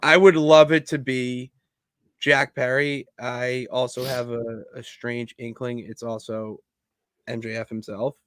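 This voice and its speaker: A man co-hosting a wrestling podcast, chatting casually and telling stories in an animated way. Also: medium pitch, measured pace, clear, resonant tone, no room sound, clean studio sound. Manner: animated storytelling, bursts into loud laughs. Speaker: podcast co-host. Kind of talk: casual chat.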